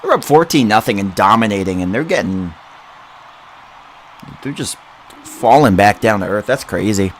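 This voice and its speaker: A young man hosting a casual livestream into a boom-arm mic. He giggles often, rambles, repeats words and mocks himself. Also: expressive, moderate pace, pauses often, a little hiss or hum. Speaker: livestream host.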